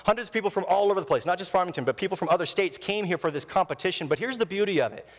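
A man in his thirties preaching a sermon in a church, telling stories with animated delivery and acting out the voices he quotes. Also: high voice, very fast, big-room sound. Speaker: pastor. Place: church sanctuary.

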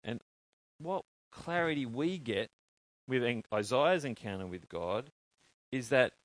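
A man preaching a sermon, in an animated way, asking his congregation questions and answering them himself. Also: medium pitch, a little slow, dry recording.

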